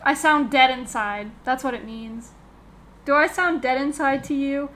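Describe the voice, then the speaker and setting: A woman co-hosting a casual podcast chat over a call, talking loudly into her desk microphone in an animated way. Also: sits high, a little slow. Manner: loud, near-yelling into the mic, animated. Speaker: podcast co-host. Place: home.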